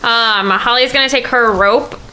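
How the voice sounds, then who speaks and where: A woman's voice: on the high side, unhurried, sharp tone, slight background noise, rough recording. A woman playing a character in a tabletop game, playful and laughing often. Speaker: player. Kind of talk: tabletop role-play.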